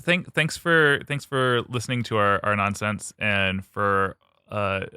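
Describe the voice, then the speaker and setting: Rambling low-voiced American man. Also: fairly even intonation, measured pace, sharp tone, clear, resonant tone, no echo, studio quality. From United States. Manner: rambling, many fillers, laughs often. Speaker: podcast co-host. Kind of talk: casual chat.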